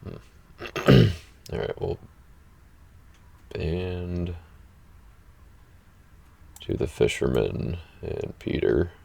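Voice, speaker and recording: Deep gravelly man talking through a card game. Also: big pitch swings, darkish tone. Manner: halting, thinks aloud with many fillers. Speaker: card game player and channel host. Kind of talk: casual gameplay chat. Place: playing an online card match.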